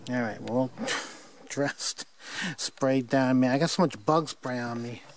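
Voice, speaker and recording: On a forest trail, an older man records a casual hiking vlog with a handheld camera mic, his mid-range voice unhurried. He wanders from thought to thought, chuckling and teasing himself along the way.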